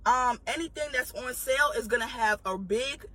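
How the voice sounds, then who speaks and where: A woman's voice: a little high, moderate pace, sharp tone, no echo. A woman retail worker telling a blunt, exasperated story and swearing for a storytime video.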